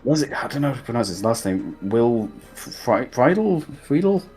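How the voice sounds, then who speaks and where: A man hosting a casual chat show, recapping scenes in a rambling, animated way and swearing now and then. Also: mid-range voice, normal speed, music in the background. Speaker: podcast host.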